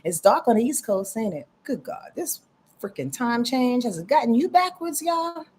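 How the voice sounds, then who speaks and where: A woman's voice: a little high, lively intonation, moderate pace, darkish tone, slight background noise. A woman astrologer giving casual live readings, talking straight to her viewers with lots of "y'all" and "you dig?".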